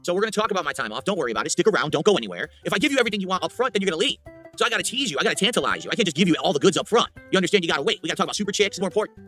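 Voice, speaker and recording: Fast-talking bright-voiced streamer man. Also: very animated, faint music behind. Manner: defiant, taunting, drops to a low mutter. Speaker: livestreamer. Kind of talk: rambling stream monologue to chat.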